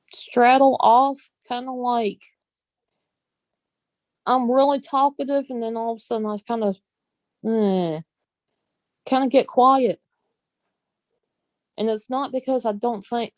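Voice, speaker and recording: Slow-talking Southern woman vlogger. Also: a little high, no echo. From Southern United States. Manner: talkative, laughs often, drawling folksy phrases. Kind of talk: casual chat.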